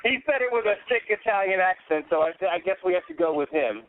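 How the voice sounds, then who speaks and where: A man's voice: sits high, animated, fast. A man co-hosting, tossing in wry, joking asides over the phone. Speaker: co-host. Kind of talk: casual chat. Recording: noisy phone line.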